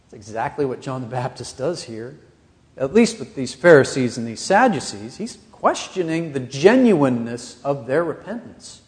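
A man's voice: mid-range voice, very animated, moderate pace, in a large hall. A man preaching a sermon as pastor of a church, earnest and pressing his points with rising emphasis.

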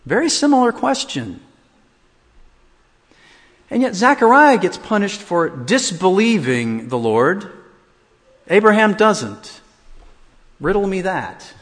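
Preaching as a pastor, a man with a slightly high pitch for a male speaks slowly and pauses often, his lively, expressive voice jumping up and down as he acts out quoted lines. A long reverb suggests a large hall.

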